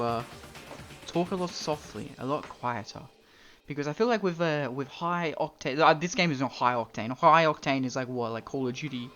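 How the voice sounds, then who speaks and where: A man's voice: on the high side, a bit bright. A young man giving casual, rambling commentary while live-streaming a game, playful and prone to swearing. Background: game music.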